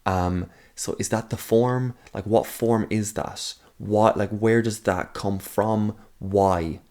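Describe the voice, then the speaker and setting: A man with a fairly low voice talks straight to camera in a loose, unscripted monologue. He wanders off on tangents, fills pauses with "um" and "like", and now and then argues back at himself before returning to his point. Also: fairly even intonation, a little mellow. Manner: rambling, thinks aloud with many fillers and asides; argues with himself in a mock second voice. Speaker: video essayist. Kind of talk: casual talking-head monologue.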